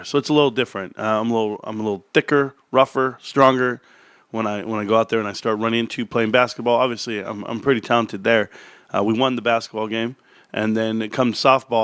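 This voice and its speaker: A man's voice: lowish voice, fairly bright tone, no echo. A man hosting a stock market channel, chatting casually in an upbeat, rambling way with frequent fillers while his voice recovers from strain. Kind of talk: casual livestream talk.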